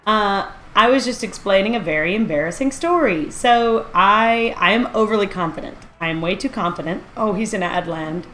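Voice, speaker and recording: A woman's voice: medium pitch, moderate pace, few pauses, fairly bright tone, soft background music. A woman streaming a video game live, chatting casually and rambling as she reacts aloud to what she sees. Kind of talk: casual live-stream chat while playing.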